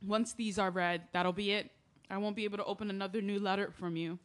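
A woman's voice: medium pitch, steady tone, fast, close to an everyday voice. A woman playing a grieving young woman who tells her story in earnest, confessional letters, in an audio drama reading. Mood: reflective. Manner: earnest, confessional, rising to yelling. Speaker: narrator and lead.

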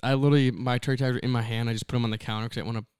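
A man, co-hosting a casual podcast. He talks quickly and chattily, often repeating himself. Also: medium pitch, fairly even intonation, crowd noise. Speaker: podcast co-host. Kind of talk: casual chat.

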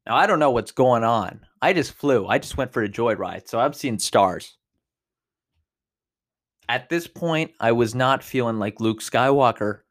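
A man in his twenties hosting a podcast, telling a personal story in a casual, animated way, with big jumps in pitch and loudness. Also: unhurried. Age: 20s. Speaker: podcast host.

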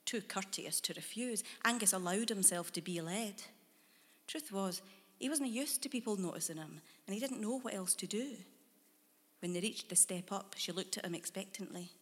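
A woman narrating a dark short story in a measured, hushed storytelling manner. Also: medium pitch, in a large hall.

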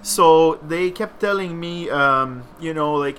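A man's voice: fairly high pitch, takes it slowly, fairly bright tone, a little hiss or hum. A man from French Canada, French his first language, with a French Canadian accent, telling a story in a profane, joking podcast chat. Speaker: podcast co-host. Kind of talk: casual chat.

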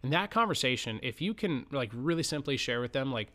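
A man's voice: medium pitch, animated, fairly quick, pushed and bright. A man hosting a podcast, coaching financial advisors in a casual, conversational way, often stopping to act out sample lines to clients. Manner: conversational, many fillers and restarts, acts out sample client lines. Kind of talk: casual instructional podcast talk.

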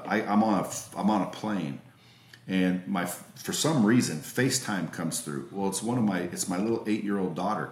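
An emphatic man in his forties tells a story as a podcast guest, joining by remote call from his home. His voice sits low and has a roomy echo around it. He swears freely and keeps restarting his sentences. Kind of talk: casual storytelling. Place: at home with children nearby.

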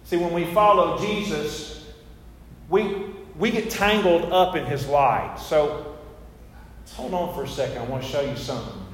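Guy pastor preaching casual, bit high voice, big echoey church hall. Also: a little slow, long pauses, a bit bright. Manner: chatty and storytelling, with asides and self-mocking humor. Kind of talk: conversational sermon. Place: church sanctuary.

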